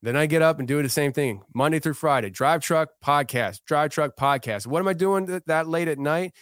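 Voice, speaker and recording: On a relaxed podcast, a thirtysomething male guest shares a heartfelt, earnest story, frequently starting his sentences over while thinking aloud. He sounds clear and smooth, on the high side and fairly bright, speaking at normal speed. It's recorded close and dry in a studio, without echo.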